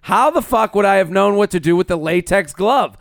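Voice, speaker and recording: A man's voice: sits high, lively intonation, brisk, creaky, no echo, studio quality. A man from the US Northeast co-hosting a comedy chat show, joking and laughing often as he reads out a listener letter. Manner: joking, laughs often, playful voices when quoting. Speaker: podcast co-host.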